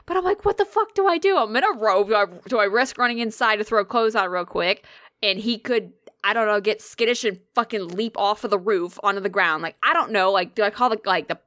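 A woman telling a story in casual chat, animated and swearing freely. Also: mid-range voice, brisk, no room sound, clean studio sound.

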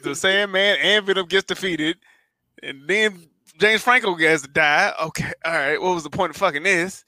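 A man's voice: high voice, moderate pace, sharp tone, dry recording. A man co-hosting a podcast in casual chat, talking loosely and profanely. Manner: casual, profane, riffing on movies. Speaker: podcast co-host.

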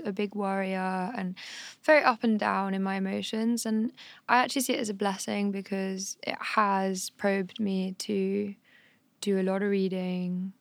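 Soft-spoken woman with a southern English accent. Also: mid-range voice, creaky, dry recording. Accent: southern English, Hampshire. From southern England, Hampshire. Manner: soft-spoken, thoughtful, polished speech. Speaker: guest singer. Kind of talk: casual podcast chat.

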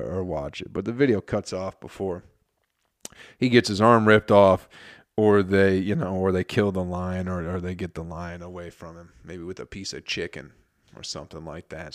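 Male podcast host, low voice, swearing a lot, rambling casual storytelling. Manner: profane, rambling, self-interrupting storytelling. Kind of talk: casual comedic monologue.

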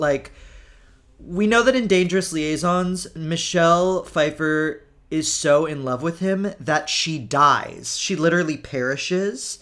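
A young adult man hosting a podcast, chatting casually in campy, gushing rants about films and comics. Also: a bit bright. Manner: campy, gushing pop-culture rants with big pitch swings. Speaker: podcast host. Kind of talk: casual chat.

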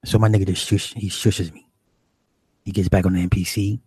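Guy telling a crazy story, husky dark voice, dry close sound. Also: deep voice, a little fast, no echo. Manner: animated, profane, acts out the people he describes. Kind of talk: casual comic storytelling.

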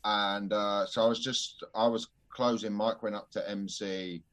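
A man's voice: lowish voice, flat delivery, unhurried, a bit bright. A man, a stand-up comedian telling a gig story in casual podcast chat, swearing freely and laughing often.

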